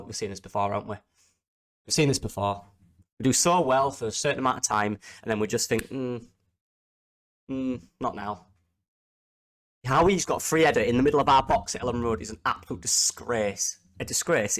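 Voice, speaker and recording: A man's voice: fairly low pitch, a bit bright. A man, a football fan vlogging an angry post-match reaction, repeating himself in exasperation.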